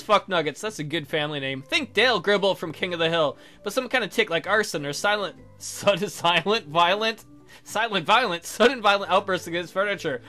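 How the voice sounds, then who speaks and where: Man, let's player, high bright voice, rambling jokey commentary, faint music under. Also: fairly quick. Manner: joking, rambling, swears freely. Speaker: video game let's player. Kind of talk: casual gameplay commentary.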